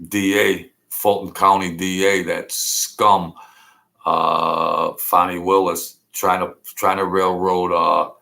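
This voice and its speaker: Gravelly man, blunt and rambling. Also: sits low, sharp tone. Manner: blunt, rambling street talk. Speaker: vlog host. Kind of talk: casual monologue.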